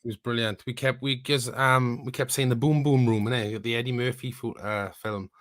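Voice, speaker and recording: Upbeat podcast host. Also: male voice, mid-range voice, steady tone, moderate pace, a bit bright, no echo, studio quality. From Wales. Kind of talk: casual chat.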